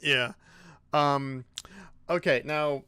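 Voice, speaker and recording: A man's voice: medium pitch, fairly even intonation, drawn-out words, pushed and bright, clear, resonant tone, no room sound. A man hosting a casual interview, asking questions hesitantly with many ums and restarts. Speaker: interview host.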